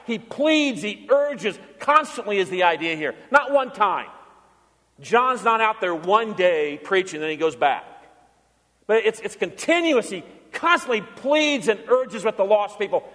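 A man's voice: sits high, expressive, measured pace, fairly bright tone, in a large hall. A man preaching a sermon as pastor, earnest, now and then acting out the voices of people he quotes.

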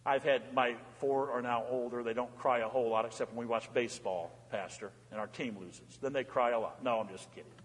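A middle-aged man, a pastor, giving a fervent sermon in a church, moving between raised cries and soft, low asides. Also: brisk, hardly any pauses. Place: church sanctuary. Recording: reverberant church hall.

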